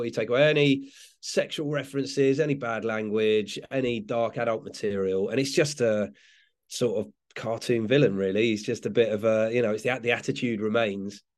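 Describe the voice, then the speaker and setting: An English comedian with a lowish voice talks a little fast as an interview guest. He rambles, corrects himself and restarts, laughing often throughout the casual chat.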